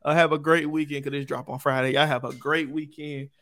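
Laughing man, higher-pitched voice. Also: little pitch movement, fairly quick, a bit bright. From Mississippi, USA. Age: 20s. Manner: playful, laughing, slangy storyteller. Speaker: podcast co-host. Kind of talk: casual chat.

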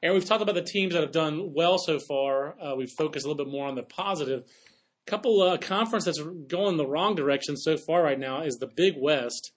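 A man hosting a sports podcast with a voice pitched a bit above the usual. He talks in a quick, chatty way and tosses in playful asides. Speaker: podcast host. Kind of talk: casual sports chat.

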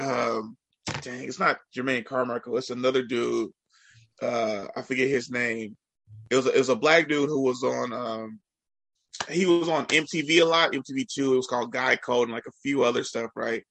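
A man's voice: mid-range voice, fairly bright tone, no room sound. A man, an educator, telling a story in casual podcast chat with a slightly nasal, congested sound, rambling and full of fillers.

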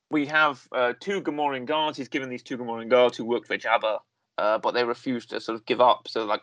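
A man's voice: mid-range voice, steady tone, fairly quick, a bit bright, no echo. Rambling man in casual review chat. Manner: rambling, self-correcting, lots of fillers. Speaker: podcast host reviewing a series.

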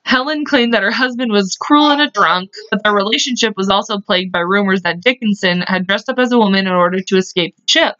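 A woman's voice: medium pitch, quick pace, few pauses, sharp tone, no echo. A woman co-hosting a podcast in casual chat, reading history notes aloud in a chatty, blunt way with jokes and the odd swear. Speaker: podcast co-host. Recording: dull lo-fi recording.

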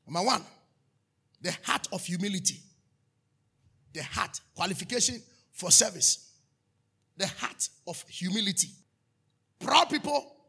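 A male pastor preaching a sermon, with call-and-response questions to the congregation and sudden shouted bursts. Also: sits high, vocal fry, breathy edge.

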